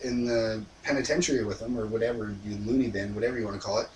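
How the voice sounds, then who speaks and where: A man's voice: steady tone, racing, a little mellow. A young man co-hosting a movie review, retelling the plot in casual chat with lots of fillers. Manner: rambling retelling, filler-heavy, acts out lines in a high voice. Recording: echoey room from far off, faint noise.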